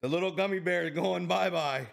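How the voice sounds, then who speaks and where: A man vlogging a spicy food challenge, excitable and swearing, groaning and coughing as the heat hits him. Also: high voice, fairly quick, gravelly. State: in pain from heat, teary. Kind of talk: casual food challenge vlog.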